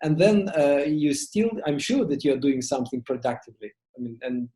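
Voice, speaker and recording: Hesitant host, mellow voice in an echoey room. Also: male voice, a little high, moderate pace. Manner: hesitant, with many fillers. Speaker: interview host. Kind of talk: casual interview questions.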